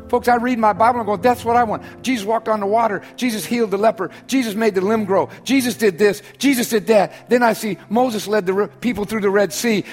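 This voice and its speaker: A man preaching a sermon as pastor, stressing points by repetition and dropping to soft, quiet asides. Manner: preaching with sudden drops to soft, low, intimate asides and emphatic repetition.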